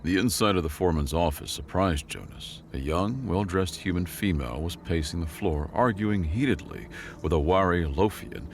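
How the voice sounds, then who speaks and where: Male narrator for a sci-fi audio story, very deep gravelly voice, measured reading, faint noise underneath.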